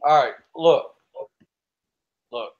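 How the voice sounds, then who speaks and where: A man's voice: fairly high pitch, extremely slow, darkish tone, dull audio. A man hosting, scolding callers profanely and threatening to mute them. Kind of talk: heated argument.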